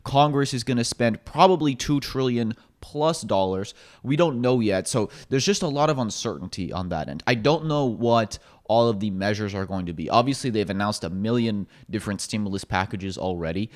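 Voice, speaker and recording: A man's voice: lowish voice, lively intonation, normal speed, hardly any pauses. Man, podcast co-host, casual discussion, opinionated, ranting.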